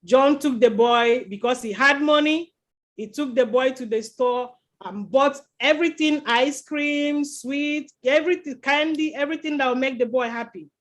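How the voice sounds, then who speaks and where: A woman's voice: high-pitched, normal speed. A woman telling a children's chapel story in church, stopping often to quiz the children with questions. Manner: lively, quizzes the children with questions.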